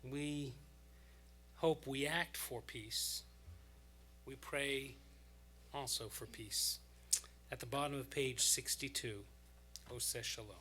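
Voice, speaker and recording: A man's voice: medium pitch, slow, pauses often, a little hiss or hum. A man leading a synagogue service, speaking informally to the congregation and giving instructions. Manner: warm, informal guidance to a congregation. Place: large sanctuary.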